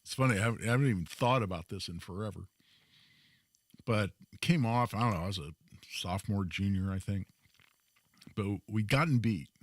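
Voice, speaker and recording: A man hosting a talk radio show, telling a story in an emphatic, animated way. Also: on the low side, fairly quick, pauses often, no room sound, studio quality. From Indiana, US. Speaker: radio host.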